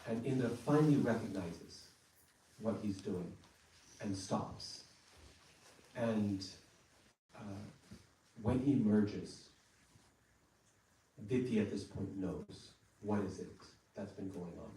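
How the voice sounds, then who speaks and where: A man telling a scripture story in a sermon in a temple hall, speaking in a measured, deliberate way. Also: lowish voice, warm tone, distant mic. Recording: echoey temple hall from afar.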